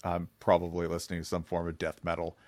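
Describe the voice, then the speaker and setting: A man chatting as a podcast guest, telling stories in an animated, wry way. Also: sits low, quick pace, dry recording. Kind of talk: casual podcast chat.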